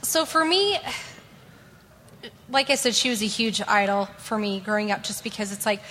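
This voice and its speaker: A woman's voice: medium pitch, lively intonation, normal speed, bright, forceful tone, a little hiss or hum. A young woman speaking sincerely and a little hesitantly on a convention panel. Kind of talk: panel discussion. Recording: long hall reverb, faint ambience.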